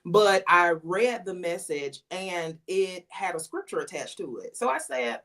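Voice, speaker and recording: A woman's voice: fairly low pitch, measured pace. A woman guest on a podcast, casually telling a personal story and acting out the messages she quotes. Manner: lively retelling, acts out quoted messages.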